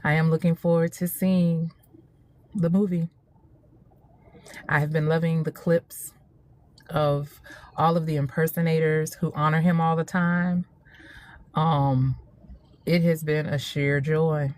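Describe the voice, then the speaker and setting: An animated woman in her forties with a fairly low voice, talking straight to her audience in a casual opinion monologue. She laughs often and repeats her points for emphasis. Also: takes it slowly, pauses often. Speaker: social media host.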